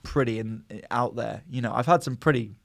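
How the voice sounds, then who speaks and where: A man's voice: mid-range voice, a little fast, gravelly, dry recording, studio quality. A man co-hosting a podcast, trading teasing, joking banter in casual chat. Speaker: podcast co-host.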